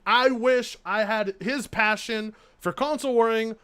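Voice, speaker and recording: A man's voice: extremely high pitch, unhurried, bright, forceful tone, clear, resonant tone. A man streaming live, reacting to videos with sarcastic, incredulous commentary. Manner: sarcastic, incredulous, laughing asides.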